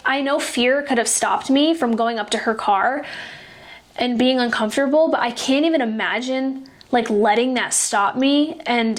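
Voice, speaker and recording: A young woman hosting a podcast, talking earnestly and emotionally about faith and kindness, often restarting her sentences. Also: fairly high pitch. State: tearful at times. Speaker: podcast host. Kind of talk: personal faith-based podcast talk.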